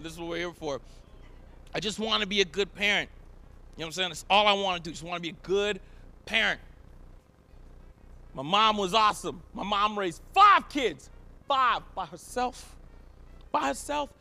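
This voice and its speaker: A male stand-up comedian with a very high voice and a bright, sharp edge. He tells animated stories and shouts his punchlines for effect. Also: creaky. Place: live event stage.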